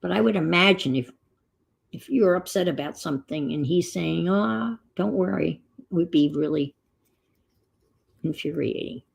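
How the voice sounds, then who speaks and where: A woman's voice: low-pitched, moderate pace, gravelly, long pauses, breathy edge. A middle-aged woman chatting casually as she crafts on a stream, telling rambling stories. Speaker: crafting vlogger.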